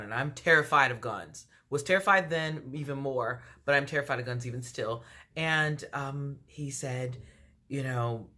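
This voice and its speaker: A woman's voice: low-pitched, normal speed, fairly bright tone. A woman from D.C. telling a personal story to camera as a vlogger, acting out both sides of the dialogue with lots of fillers. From Washington, D.C. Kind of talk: storytime monologue.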